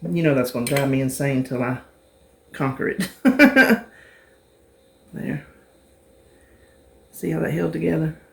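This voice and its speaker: A woman's voice: low voice, fairly even intonation, normal speed, gravelly, pauses often, darkish tone, a little hiss or hum. Chatty woman cooking on camera. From North Carolina, US. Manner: chatty, homey, talks the viewer through each step. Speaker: cooking vlogger. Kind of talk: casual cooking demonstration.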